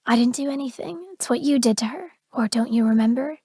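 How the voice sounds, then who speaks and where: A woman narrator voicing a brooding, protective young man in an audiobook, speaking low, hushed and grave. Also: fairly quick, slightly rough, dry recording.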